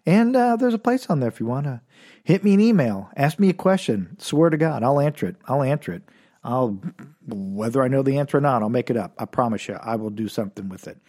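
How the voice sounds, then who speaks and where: A man from Oklahoma, a podcast host telling a comic story with wry asides, loud punchlines and low muttered remarks. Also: expressive, brisk. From Oklahoma, USA.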